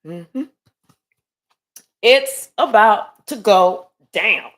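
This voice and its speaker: A woman's voice: mid-range voice, lively intonation, drawn-out words. A woman giving a casual live tarot reading, talking in a rambling, chatty way and swearing freely. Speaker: tarot reader.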